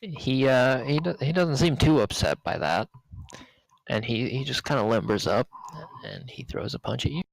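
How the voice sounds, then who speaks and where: A man running a tabletop role-playing game, narrating the action in a relaxed, casual way. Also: medium pitch, moderate pace, creaky, dry recording, low-quality recording. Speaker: game master.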